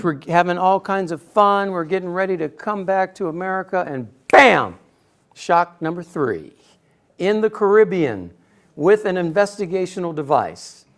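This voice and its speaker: Animated storytelling man, high-pitched. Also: creaky. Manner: animated storyteller, acts out quotes with sudden bursts. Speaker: speaker giving a personal talk. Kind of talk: storytelling speech to an audience.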